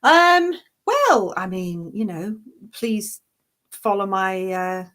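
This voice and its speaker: A woman's voice: mid-range voice, animated, slow, a bit bright. An English actress with a fairly neutral, near-London accent, chatting casually in an interview, laughing often and restarting her sentences. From Yorkshire, England. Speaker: actress and online parody creator.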